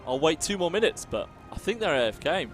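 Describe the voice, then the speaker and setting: A man's voice: fairly high pitch, big pitch swings, fairly quick, soft background music. A man, co-hosting a livestream, reading out viewer messages and teasing his partner in a chatty way. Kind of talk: casual livestream chat.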